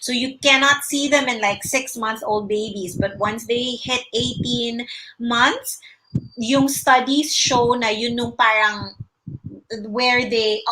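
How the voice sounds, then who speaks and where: Bright-voiced Filipino woman giving advice. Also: a little high, a little hiss or hum, rough recording. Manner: explains patiently, demonstrating mouth sounds with emphasis; greets viewers by name. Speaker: speech-language pathologist hosting a livestream Q&A. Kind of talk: casual livestream advice, mixing English and Tagalog.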